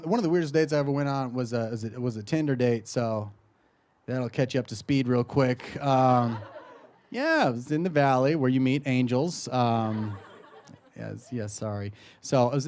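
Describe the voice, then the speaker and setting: A man's voice: mid-range voice, a little mellow. A young man doing brash, crude stand-up comedy live on stage, often laughing at his own jokes.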